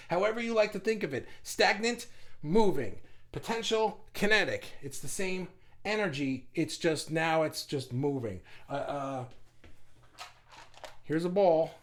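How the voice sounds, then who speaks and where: A fairly high-voiced man talking on his own live stream. He rambles and swears freely, and his delivery is animated. He reads viewer comments aloud and answers them on the spot. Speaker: livestream host. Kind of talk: casual live-stream monologue.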